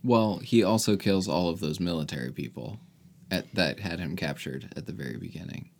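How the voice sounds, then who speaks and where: A man's voice: deep voice, moderate pace, creaky. A man co-hosting a casual movie review podcast, talking with dry, wry humor. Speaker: podcast co-host.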